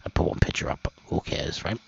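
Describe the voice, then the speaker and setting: A man hosting a homemade news channel, rambling through the stories with loud outbursts and low mutters. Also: a little fast, dry recording. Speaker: host of an amateur news channel. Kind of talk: rambling off-the-cuff news commentary. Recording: dull, lo-fi, dry sound.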